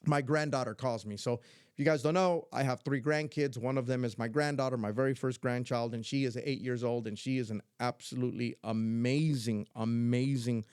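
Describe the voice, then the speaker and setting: A middle-aged grandfather speaks to his viewers in a heartfelt, earnest way. His voice sits at an ordinary pitch and he keeps circling back to make his point. The recording is dry and close, with no room sound. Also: steady tone, moderate pace, a little mellow, smooth, no room sound. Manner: earnest, heartfelt, repeats himself for emphasis. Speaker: YouTuber and grandfather. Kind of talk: casual vlog monologue.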